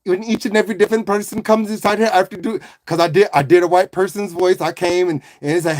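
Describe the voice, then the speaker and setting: A playful, animated man chatting casually with viewers on a live stream and greeting people in the chat. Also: sits high, quick pace, few pauses, dry recording, clean studio sound.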